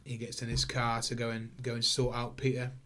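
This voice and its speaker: A man co-hosts a podcast, rambling casually about a film with plenty of fillers and acting out quotes in silly voices. His voice is medium-pitched and a bit bright, and he talks fairly quickly in a completely flat delivery.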